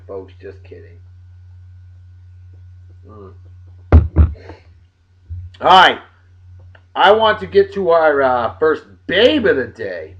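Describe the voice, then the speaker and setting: A man in his forties hosting a casual beer review vlog, with loud, joking, exclamatory banter. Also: medium pitch, very animated, slow, long pauses, highs cut off. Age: 40s.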